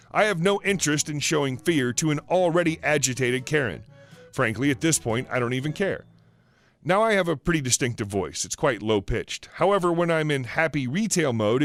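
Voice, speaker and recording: Male storyteller with a fairly high voice, steady reading pace, light music bed behind. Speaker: narrator. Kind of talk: reading online stories aloud.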